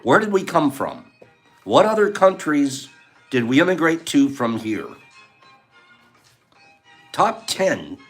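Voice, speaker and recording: A man's voice: fairly high pitch, very animated, takes it slowly, pauses often. A man hosting a casual livestream, chatting and answering viewer comments. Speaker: livestream host. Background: faint background music.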